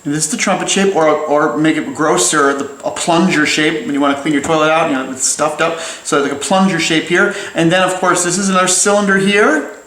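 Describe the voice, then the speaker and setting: Man, a bit high-pitched, teaching drawing in a loose, jokey way; echoey room. Good for a friendly tutorial read. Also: steady tone, a little fast, fairly bright tone. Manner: playful, chatty, jokey asides. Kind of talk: casual drawing lesson while sketching.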